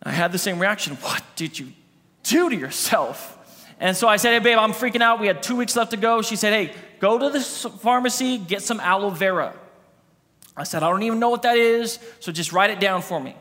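A man's voice: high-pitched, brisk, bright, forceful tone. A man in his thirties, a campus pastor, preaching a sermon and telling a funny personal story, acting out the dialogue. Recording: long hall reverb.

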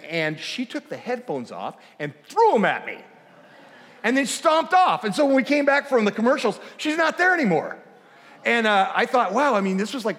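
A man giving a conversational guest sermon, animated and self-deprecating, acting out dialogue as he tells a story. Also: high-pitched, big-room sound. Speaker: guest speaker. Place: church auditorium.

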